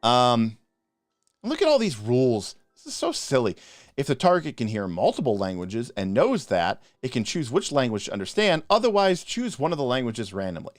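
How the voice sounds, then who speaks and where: A man co-hosting a live stream, ranting passionately in a casual, animated way with frequent restarts. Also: mid-range voice, moderate pace, no room sound, clean studio sound. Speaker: podcast co-host reviewing game spells.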